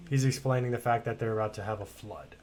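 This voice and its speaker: A man's voice: mid-range voice, fast, darkish tone, a little hiss or hum. A man streaming a video game, chatting casually and bluntly with rambling asides and free swearing. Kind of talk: casual let's-play commentary.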